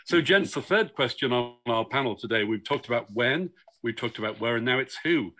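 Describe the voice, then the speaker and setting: A man's voice: mid-range voice, expressive, brisk, bright, forceful tone. A man chairing a book festival panel, putting questions to the writers in a chatty, teasing way. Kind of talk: moderating a panel discussion.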